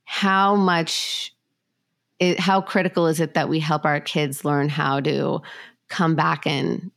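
Woman podcast host, pretty low voice, asks long thoughtful questions. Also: steady tone, slow pace, vocal fry, a bit bright, no room sound, studio quality. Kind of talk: podcast interview.

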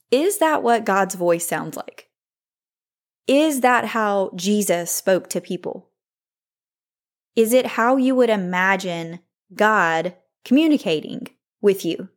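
A woman in her thirties hosting a faith-based podcast, talking in a candid, reflective way with frequent "like" fillers. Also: medium pitch. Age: 30s. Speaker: podcast host.

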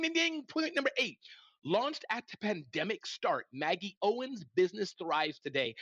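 A middle-aged man hosting a live business talk, energetic and folksy, speaking straight to his listeners. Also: fairly high pitch, breathy edge, dry recording, dull audio. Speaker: host.

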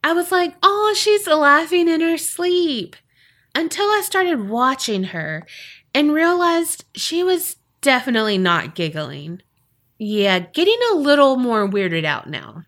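A woman with a fairly high, bright voice hosts a podcast. She reads a listener's eerie story aloud, her pitch swinging widely as she dramatizes it. Her reactions are animated and expressive. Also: a little slow. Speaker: podcast co-host. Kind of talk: casual chat and reading a listener story aloud.

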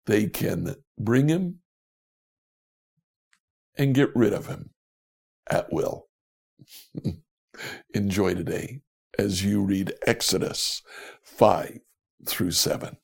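A man's voice: on the low side, lively intonation, drawn-out words, gravelly, pauses often, slightly rough. A man giving a casual sign-off as a podcast co-host.

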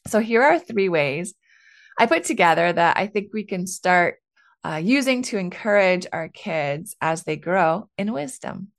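Chatty, candid mom podcaster, low-pitched. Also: female voice, gravelly. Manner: chatty and candid, laughs often, fillers like "like" and "right". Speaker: podcast host. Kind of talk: casual solo podcast talk.

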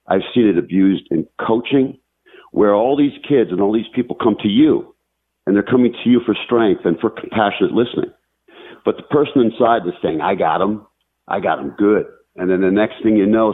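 A man talking earnestly in a reflective podcast, halting and restarting as he talks about martial arts teaching. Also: low voice, husky. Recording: tinny phone-like line, faint music.

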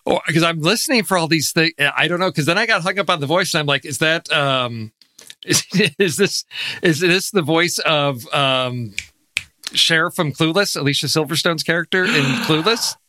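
A man co-hosting a film podcast, thinking aloud in an animated way. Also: a little high, moderate pace. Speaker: podcast co-host. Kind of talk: casual chat.

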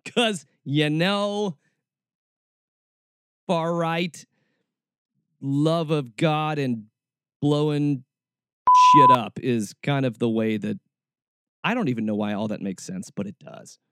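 A man hosting a podcast, giving mocking, sarcastic commentary that jumps into high, shrill bursts. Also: slow pace, long pauses, pushed and bright, clean tone. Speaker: podcast host. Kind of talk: satirical commentary.

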